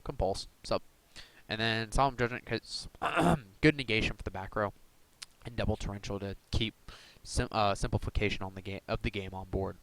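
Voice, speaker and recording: A man's voice: lowish voice, fairly bright tone, clean tone, rough recording. A young man casually walking through his card deck, rambling with many ums and uhs. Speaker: YouTuber showing a card deck. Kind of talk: casual deck profile talk.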